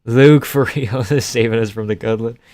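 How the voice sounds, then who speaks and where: A man's voice: mid-range voice, moderate pace, darkish tone, dry recording, clean studio sound. A male streamer giving casual live fight reactions and reading chat questions aloud, offhand and chuckling, swearing now and then.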